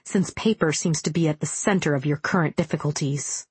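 A man's voice: fairly high pitch, fairly quick, slightly rough, no echo. A woman reading the part of a thoughtful, helpful man who explains things in a storybook. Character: thoughtful, helpful male friend.

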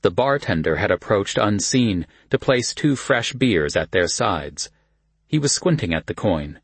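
Low, husky male audiobook narrator. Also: very animated, unhurried, no room sound.

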